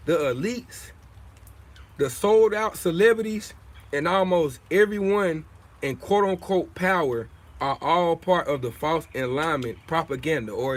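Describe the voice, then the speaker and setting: Streamer, young man, husky and a bit high, preachy slang monologue. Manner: preachy, streetwise slang, repeats himself. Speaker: livestream host. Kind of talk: casual livestream talk.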